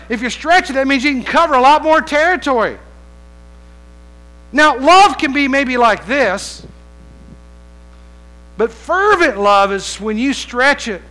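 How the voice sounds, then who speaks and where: A man's voice: very high voice, sharp tone, low-quality recording. A man preaching a sermon as pastor, talking conversationally, asking the congregation rhetorical questions and mixing in playful humor.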